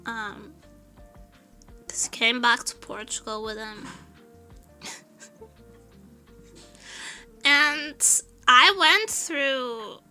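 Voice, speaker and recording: A woman's voice: on the high side, very slow, pauses often, faint music behind. A young woman streamer chatting casually and telling stories, laughing often. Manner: laughs often, animated storytelling. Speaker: vtuber streamer. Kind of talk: casual chat.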